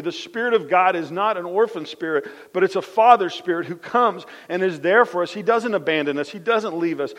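High-voiced man preaching in an echoing hall. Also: brisk, few pauses. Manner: lively storytelling, repeats phrases, drops soft for key points. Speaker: pastor. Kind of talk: conversational sermon.

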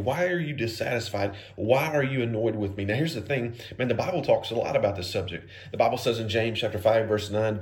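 Man, pastor preaching, low-pitched voice, easygoing conversational sermon.

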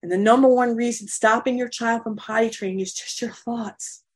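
Emphatic, energetic woman parent coach. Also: fairly high pitch, normal speed. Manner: emphatic, energetic, blunt with casual swearing. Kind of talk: motivational live-stream talk.

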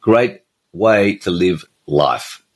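A man's voice: lowish voice, expressive, measured pace, fairly bright tone, breathy edge. A middle-aged man, hosting a motivational podcast monologue and stressing his points by repeating phrases. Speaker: podcast host and coach.

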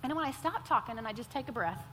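Woman preacher, high and bright, animated storyteller, sermon in a reverberant hall. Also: quick pace, a little hiss or hum. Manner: animated storytelling, repeats words for emphasis. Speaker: pastor. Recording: hall reverb with faint ambience.

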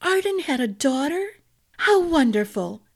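A woman's voice: high-pitched, sing-song, unhurried, voice pushed up, heavily acted. A woman voicing a frail, trusting young queen. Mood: eager. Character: sickly gentle young queen, naive and trusting.

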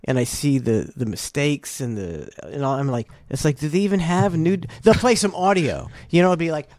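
Man, podcast co-host, rambling storyteller, slightly high voice, dry close recording. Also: normal speed, darkish tone, no room sound. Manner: rambling, many fillers and restarts, laughs easily. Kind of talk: casual chat.

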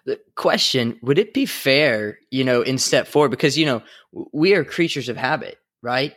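A man's voice: medium pitch, fairly bright tone, no room sound. Young guy cohost, thoughtful, lots of um and you know, dry mic. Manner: thoughtful, hedging, many fillers. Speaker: podcast co-host. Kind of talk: casual chat.

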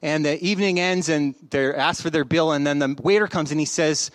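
A man preaching a sermon in a relaxed, conversational way, telling stories with humor. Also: fairly high pitch, brisk, hardly any pauses, dry recording. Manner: conversational, joking storyteller. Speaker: pastor.

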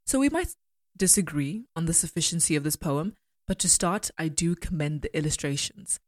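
Low-voiced woman critiquing poetry. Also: lively intonation, dry recording, clean studio sound. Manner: measured, deliberate, argumentative. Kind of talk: analytical commentary reading poems aloud.

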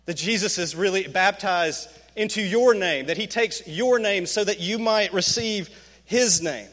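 A man preaching a sermon, swinging from hushed, slow lines to emphatic, rising peaks. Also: big-room sound. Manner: emphatic, rising to fervent peaks, dropping low and slow for quoted words. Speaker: pastor.

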